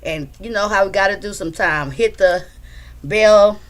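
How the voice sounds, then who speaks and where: A woman's voice: mid-range voice, moderate pace. A woman hosting a casual livestream from home, chatting loosely and greeting her viewers by name. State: a bit out of breath. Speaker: livestream host.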